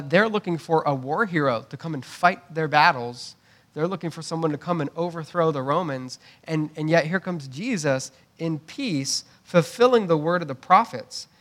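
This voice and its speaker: A man's voice: on the high side, a bit bright. A man preaching a conversational sermon, often repeating words as he restarts and checking in with "right?". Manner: conversational preaching with asides and tag questions. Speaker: pastor.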